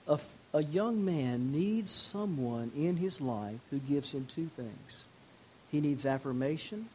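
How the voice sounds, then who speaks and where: An older man preaching as a pastor, telling a story and shifting from quiet, intimate moments to emphatic declarations. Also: medium pitch, poor audio. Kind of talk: sermon. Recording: faint hiss.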